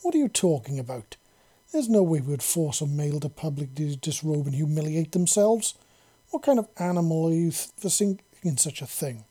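A man's voice: on the high side, expressive, moderate pace, dark tone. A man voicing a fierce female reptilian alien commander who speaks in a commanding, accusing way. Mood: indignant.

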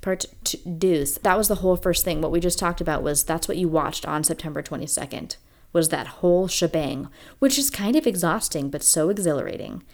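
A woman co-hosting a podcast in casual chat, talking with enthusiastic, animated energy. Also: fairly low pitch, fairly quick, creaky. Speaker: podcast co-host.

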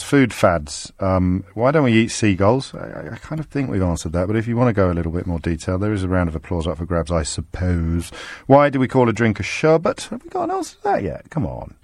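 A man hosting a radio phone-in, chatting with callers in a quick-witted, teasing way and often restarting his sentences. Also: fairly low pitch, no room sound. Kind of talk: casual radio phone-in chat. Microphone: studio microphone.

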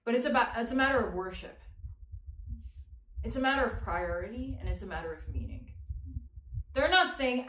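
A woman's voice: a little high, a little fast, pauses often. A woman giving a casual, slangy sermon as a youth preacher, joking and talking straight to her listeners. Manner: slangy, animated, jokey, talks to the audience. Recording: echoey room.

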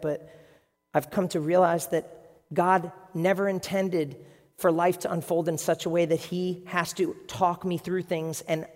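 A pastor preaching a sermon in a dramatic, conversational storytelling way, dropping to a hush and rising again. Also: medium pitch. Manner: dramatic, acts out voices in quotes, swings from hushed to loud. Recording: long reverb of a large hall.

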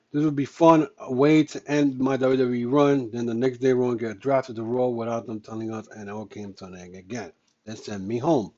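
A man's voice: fairly high pitch, darkish tone, muffled recording. A man hosting a podcast, ranting in a heated, emphatic, repetitive way. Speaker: podcast host. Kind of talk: casual ranting commentary.

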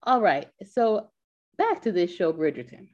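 A woman co-hosting a podcast in casual chat, talkative and quick to laugh, with lots of filler words. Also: mid-range voice, very animated, darkish tone. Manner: chatty, laughs often, many "like" fillers. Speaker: podcast co-host. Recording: dull lo-fi sound.

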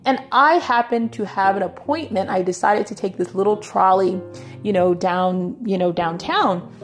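A woman's voice: medium pitch, moderate pace, soft background music. A woman giving a conversational Bible teaching, often checking in with "right?" and "you know".

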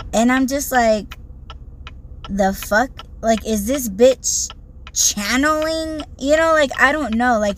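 A woman podcast host telling a story in a loose, rambling way with lots of fillers and sighs, recorded inside a car. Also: on the high side. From Native American, Hopi. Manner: rambling, frequent "like" and "you know", sighs. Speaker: podcast host and rideshare driver. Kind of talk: casual storytelling monologue. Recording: loud car road noise. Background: loud car and road noise.

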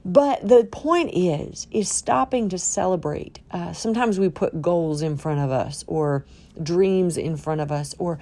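A woman hosting a solo podcast in a playful, quirky way, swinging from loud cheer to a near-whisper. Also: fairly low pitch, unhurried. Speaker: podcast host. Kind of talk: upbeat solo podcast talk.

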